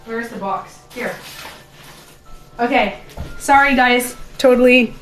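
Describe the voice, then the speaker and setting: This middle-aged woman speaks slowly, in a fairly high voice, during a casual home live stream from her den, a bit out of breath and backed by soft music. She talks straight to viewers, reads their comments, and breaks off her own sentences.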